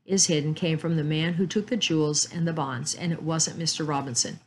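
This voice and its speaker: A woman's voice: sits low, steady tone, fairly quick, a little hiss or hum, close to an everyday voice. A woman reading aloud in the part of an earnest teenage boy detective, matter-of-fact in tone.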